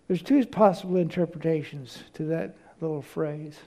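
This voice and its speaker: A male preacher with a fairly high, gravelly voice and a dark, mellow tone. He preaches by telling stories and stumbles over repeated words as he looks for what to say next. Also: normal speed, hardly any pauses. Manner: storytelling, repeats words when searching. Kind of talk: sermon.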